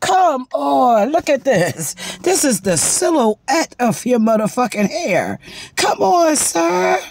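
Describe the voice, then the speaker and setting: A woman's voice: sits high, big pitch swings, slow, creaky, a little mellow, a little hiss or hum. A woman giving profane, mocking comedic roast commentary. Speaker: commentary vlogger.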